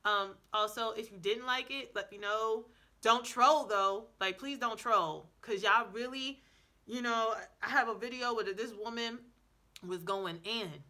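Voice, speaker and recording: Bright-voiced chatty woman vlogging. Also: on the high side, a little slow. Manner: chatty, sassy, talks straight to viewers with quoted asides; frequent ums and restarts. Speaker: language-learning vlogger. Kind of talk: casual to-camera vlog. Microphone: camera mic, indoors before a backdrop.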